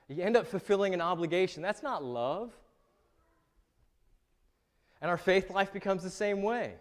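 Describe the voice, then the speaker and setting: A male pastor with a notably high voice delivers a sermon in a loose, joking, conversational manner. His words ring out with a long reverb from the church around him. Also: expressive, moderate pace, pauses often. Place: church sanctuary.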